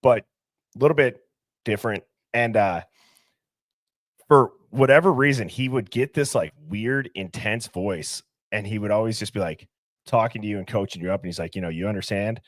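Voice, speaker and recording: A man's voice: lowish voice, moderate pace, no echo, clean studio sound. A young man hosting a livestream, talking casually and animatedly, firing off rhetorical questions. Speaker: livestream host.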